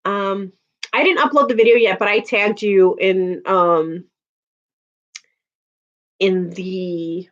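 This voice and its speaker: A woman's voice: medium pitch, steady tone, slow, pauses often. A woman in her thirties chatting casually on a livestream, laughing often and answering viewers' comments. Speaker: livestream host. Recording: dull lo-fi audio.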